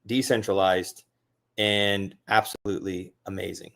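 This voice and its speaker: A man with a fairly low voice hosts an unscripted screen-share talk, jumping between hyped bursts and muttered asides. He rambles, repeats himself and fills gaps with ums and "I mean"s. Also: a little slow, vocal fry. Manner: excitable, rambling, frequent fillers and repeats. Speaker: crypto video host. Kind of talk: casual screen-share commentary.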